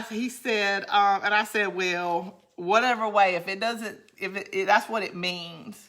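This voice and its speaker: A woman's voice: mid-range voice, steady tone, normal speed, hardly any pauses. A middle-aged woman, chatting in a rambling way and laughing often as she hosts a crafting video. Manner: chatty and rambling, laughs often, drops to a quiet count under her breath. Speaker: crafting channel host. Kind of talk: casual chat while crafting.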